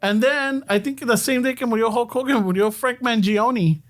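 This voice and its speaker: High-voiced Chicano man, hesitant chat. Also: normal speed. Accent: Chicano English. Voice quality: hesitant, mixes in Spanish. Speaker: podcast co-host. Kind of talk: casual chat.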